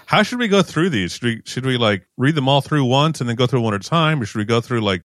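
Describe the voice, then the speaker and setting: A man's voice: mid-range voice, lively intonation, brisk, a bit bright, dry recording, clean studio sound. A man co-hosting a casual tech podcast, easygoing and self-deprecating, stumbling over words now and then. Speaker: podcast co-host.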